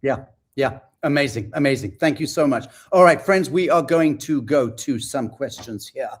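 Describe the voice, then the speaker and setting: A man's voice: medium pitch, moderate pace, slightly rough. A man hosting a panel discussion, reading out audience questions with playful, theatrical banter. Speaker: host.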